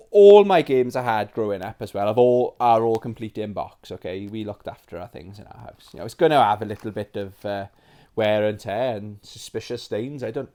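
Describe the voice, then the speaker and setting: A British man in his forties hosting a nostalgic show-and-tell about old games, rambling and chatty with plenty of fillers, excitable and sentimental. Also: mid-range voice. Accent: British English. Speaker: retro game collector host.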